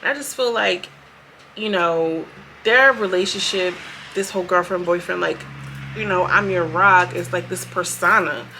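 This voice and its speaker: A woman's voice: lowish voice, a little hiss or hum. Chatty woman recapping a reality show. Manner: chatty, animated, quotes people in quick bursts. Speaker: show reviewer. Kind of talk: casual recap commentary.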